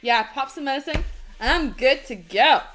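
A young woman hosting a live stream while baking, giggly and chatty, her voice hoarse and nearly gone. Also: high-pitched, expressive, normal speed, fairly bright tone, slight background noise. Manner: giggly, bubbly, sings snippets to herself.

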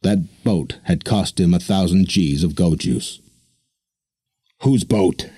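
A man narrating an audiobook in a steady, measured reading on a close microphone. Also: deep voice, breathy edge, no room sound.

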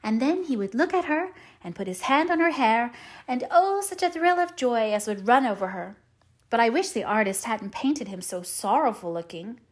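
A woman's voice: on the high side, expressive, moderate pace, lightly acted. Anne Shirley, a woman reading as a dreamy orphan girl. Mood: earnest, dreamy. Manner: rapturous, breathless run-on chatter. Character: talkative, dreamy, eager young orphan girl. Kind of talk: audiobook character reading.

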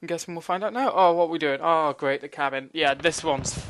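A young man with a fairly high, bright, edgy voice talks through a game as he plays it. His commentary is casual and excitable, full of jokes and curses aimed at the game. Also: a little fast, dry recording. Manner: excitable, joking and cursing at the game. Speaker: gaming commentator.

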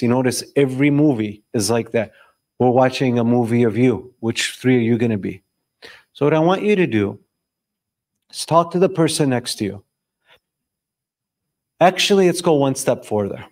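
A man leading a lively sermon for a live audience, asking questions and answering them himself, swinging between loud bursts and quiet, slowed emphasis. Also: medium pitch. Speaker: religious discussion leader.

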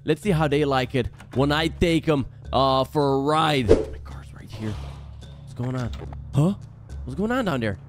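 A young man narrating a horror game he is playing, jumping between hushed muttering and startled yelling. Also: mid-range voice, lively intonation, unhurried, over music. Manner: jumpy, exclaiming, swings between hushed and yelling. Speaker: gaming channel host.

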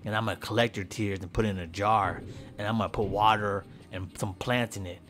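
A man's voice: fairly even intonation, brisk. Goofy trash-talking man over game music. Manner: goofy, trash-talking, with sudden high yelps and shouts. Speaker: gameplay commentator. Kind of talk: comedic let's-play commentary.

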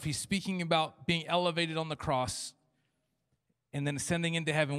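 Pastor guy preaching, kinda high voice, jokey, big echoey church hall. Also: a little fast, fairly bright tone. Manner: humorous, acts out short dialogues. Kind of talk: sermon. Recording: long church hall reverb.

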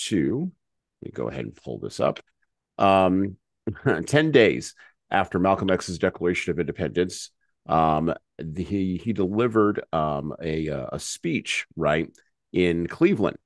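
A man hosting a book discussion podcast, talking in a halting way with many pauses and self-corrections. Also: rumbling low, no room sound, clean studio sound. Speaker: podcast host.

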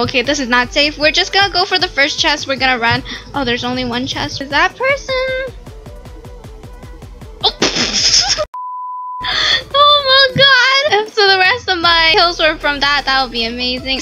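A woman with a very high, bright voice gives excitable gameplay commentary. Her pitch leaps all over as she lets out startled exclamations and giggles. Faint music plays behind her. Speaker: gaming YouTuber.

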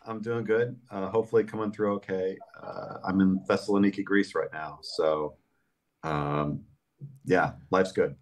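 A man's voice: deep voice, steady tone, measured pace. A man guesting on a talk show, chatting casually with wry humor. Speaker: guest author. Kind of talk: casual chat.

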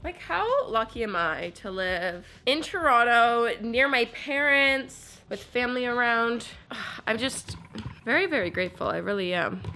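A woman's voice: fairly high pitch, sharp tone, a little hiss or hum. A young woman chatting casually to her camera at home as a lifestyle vlogger, upbeat and giddy, with lots of "like" fillers. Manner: chatty, filler-heavy with frequent "like". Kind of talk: casual vlog chat. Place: indoors at home. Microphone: wireless mic worn for filming.

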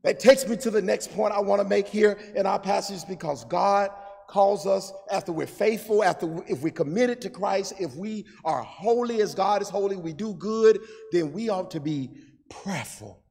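Male preacher, high and gravelly, recorded in a church with a long echo. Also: normal speed. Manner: call-and-response preaching, swings from quiet to shouting and sung phrases. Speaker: pastor. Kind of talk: sermon. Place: church sanctuary. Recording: long church hall reverb.

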